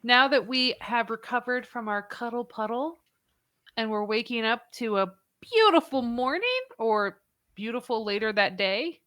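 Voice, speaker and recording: A woman's voice: on the high side, measured pace, fairly bright tone. A woman playing a tabletop game, chatty and loose, often trailing off and restarting as she describes her character. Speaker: player. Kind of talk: casual tabletop play.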